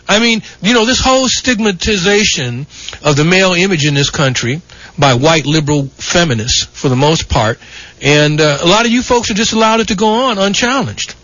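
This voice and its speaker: A middle-aged man rants as a talk radio host, his delivery combative and rambling, studded with "you know" and "okay". His voice sits high and sounds bright. The sound is dull broadcast radio. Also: lively intonation, normal speed, no room sound. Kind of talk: opinionated talk radio monologue.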